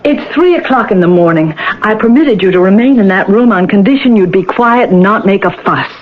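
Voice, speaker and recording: An actress playing a fussy older lodge landlady who scolds in a shrill, nagging way, in a 1970s radio drama. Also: lively intonation, fairly quick, lightly acted. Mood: scolding. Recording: tinny old radio broadcast with faint hiss.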